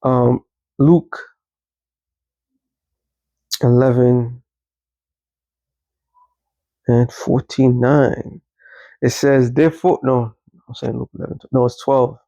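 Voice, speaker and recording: A man's voice: medium pitch, flat delivery, slow, long pauses, mellow, no echo, lo-fi sound. A man giving casual, rambling religious commentary, emphatic and often correcting himself mid-sentence. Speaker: online commentator.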